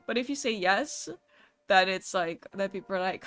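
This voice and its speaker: Talking fast on a live stream, a young woman banters casually with her viewers, laughing and dropping mild swears. Her voice is medium in pitch, fairly bright, and steady in tone.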